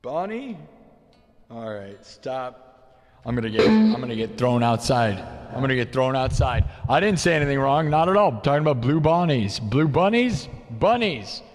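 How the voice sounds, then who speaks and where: An American man hosting a live music stream, rambling in a casual, excitable rant full of "dude" that swings from low mumbles to loud bursts. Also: moderate pace, big-room sound. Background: faint looped music.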